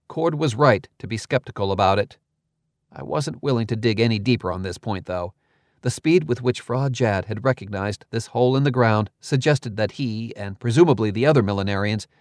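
A man narrating a novel in the first person, in measured, even storytelling. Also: lowish voice, dry recording, clean studio sound. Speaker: audiobook narrator.

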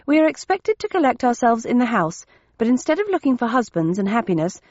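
Brief: woman reader as a high, bright young daughter, respectful, dull audiobook sound. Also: sing-song, brisk, no room sound.

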